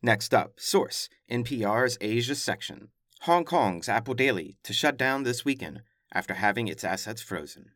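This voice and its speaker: A man's voice: medium pitch, lively intonation, moderate pace, fairly bright tone, no echo, clean studio sound. A man hosting a news podcast, reading headlines and commenting in a casual, emphatic way with wry asides. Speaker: podcast host.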